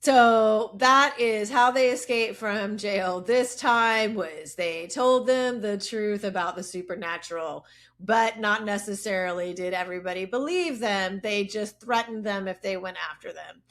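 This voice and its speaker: A woman's voice: mid-range voice, a little slow, fairly bright tone. Wry, chatty woman podcast co-host. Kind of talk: casual chat.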